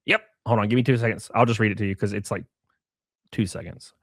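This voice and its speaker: A man's voice: on the low side, quick pace, breathy edge, no room sound, studio quality. A man giving casual, profane commentary as host, reading messages aloud and mocking their subject with sarcasm and laughter.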